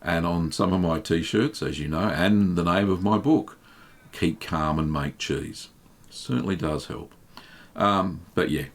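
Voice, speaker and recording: A man hosting a live stream, reading viewers' questions aloud and answering them in a relaxed, chatty way with plenty of ums. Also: low-pitched, a little slow. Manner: relaxed and chatty, reads chat messages aloud, many um fillers. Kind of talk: casual live Q&A chat.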